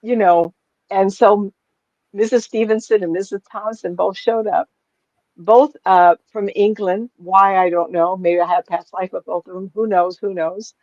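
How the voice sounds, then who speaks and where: A woman's voice: medium pitch, steady tone, moderate pace, a little mellow, dry recording. Older lady medium on a video call, chuckles a lot, kinda muffled and dull sound. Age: 70s. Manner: rambling storyteller, chuckles often. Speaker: psychic medium guest. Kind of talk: casual chat on a video call. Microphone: webcam on a video call.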